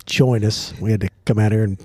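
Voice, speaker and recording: Mellow, wry podcast host man. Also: on the low side, steady tone, brisk, dry recording. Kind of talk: casual chat. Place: outdoors at a truck stop.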